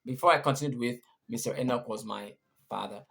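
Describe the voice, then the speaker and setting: A man's voice: mid-range voice, brisk, gravelly, a bit bright. A man teaching English punctuation, patiently repeating and rephrasing each point. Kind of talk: explaining punctuation rules.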